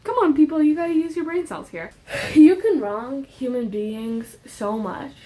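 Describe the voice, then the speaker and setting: A young woman with a high voice speaks straight to her viewers in an impassioned faith monologue. She leans hard on repetition, pushing the same point louder and higher. She slips easily into casual slang asides between the heavier moments. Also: animated, normal speed. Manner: earnest, repeats herself with rising emphasis. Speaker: faith vlogger. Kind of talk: emotional religious monologue.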